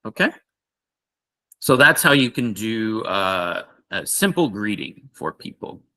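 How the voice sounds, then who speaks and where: A male English teacher leads an online lesson at an unhurried, deliberate pace. His voice is bright and clear, and he stretches out model phrases so learners can repeat them. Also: fairly low pitch, big pitch swings. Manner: slow, patient, repeats phrases for learners to copy.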